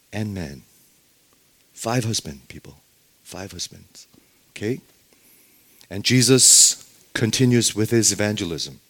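A man preaching a sermon, asking the congregation questions and punctuating points with "okay?", sometimes dropping to a near whisper for emphasis. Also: fairly low pitch. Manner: emphatic, asks the audience questions, frequent "okay?"; sudden drops to very soft, near-whispered emphasis.

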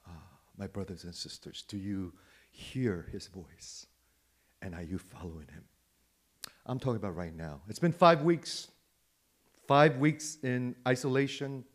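A male pastor preaching a sermon, repeating phrases and asking rhetorical questions, rising to loud emphatic peaks and dropping to hushed quiet lines. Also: lowish voice. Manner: swings from loud emphatic rises to soft hushed drops.

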